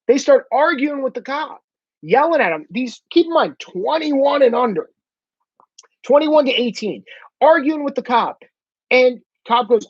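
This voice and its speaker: A man in his thirties rants into the camera, swearing freely and at times bursting into shouts. His voice is husky and breathy at an ordinary pitch. The sound is dry and a little dull. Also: moderate pace, no room sound. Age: 30s. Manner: animated, profane, bursts into shouting. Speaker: commentator. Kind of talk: profane opinion rant.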